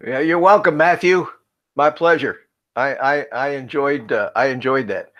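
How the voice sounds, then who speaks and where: A man's voice: mid-range voice, normal speed, a bit bright, lo-fi sound. A man co-hosting a live drone chat stream, chatty and laughing often as he greets viewers by name.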